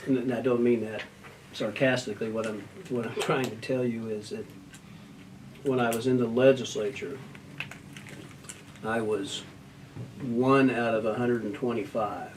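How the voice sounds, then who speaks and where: An older man speaks in a measured, reflective way, pausing often with fillers. His voice sits at an ordinary pitch. He sounds a little away from the microphone, with faint background noise. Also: fairly even intonation. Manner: measured, thoughtful, with many fillers. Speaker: retiring municipal judge. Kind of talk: news interview. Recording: distant mic with faint noise.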